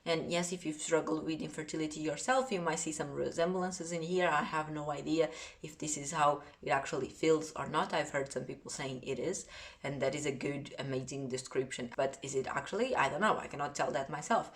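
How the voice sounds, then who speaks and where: A woman with a Portuguese accent talks through books in a casual vlog, earnest and chatty. Her voice sits low, and she often trails off mid-thought. She is recorded on a phone or camera set on a tripod. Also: a little fast. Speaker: book vlogger.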